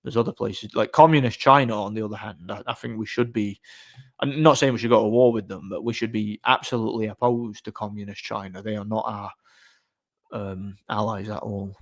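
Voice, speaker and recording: A man's voice: on the low side, fairly even intonation, a little fast. A man chatting casually on a live stream, answering chat in a blunt, opinionated, rambling way.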